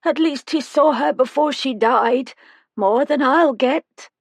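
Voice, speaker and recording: A tiny, wizened old woman, as a woman reader puts her on in an audiobook, her voice thin and very high. She drifts and cackles. The read is close and dry. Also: slow pace, no room sound. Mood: vague, wry. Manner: vague, wandering, cackles.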